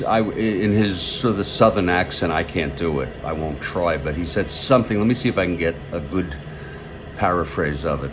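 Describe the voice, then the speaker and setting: A man hosting a tabletop baseball replay, giving casual play-by-play with rambling chatty asides and bursts of excitement on big plays. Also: deep voice, moderate pace, a little hiss or hum.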